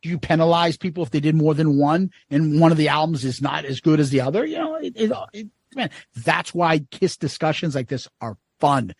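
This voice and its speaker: A man's voice: a little high, expressive, a little fast, gravelly, breathy edge, dry recording. A man co-hosting a podcast in casual chat, blunt and rambling, swearing freely. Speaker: podcast co-host.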